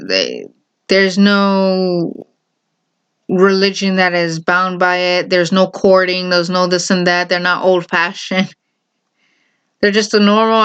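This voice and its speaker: Another casual vlog finds a woman airing her opinions straight to the audience, restating every point over and over to make it stick. Her clear, smooth voice is mid-range and a bit bright, though the audio sounds dull.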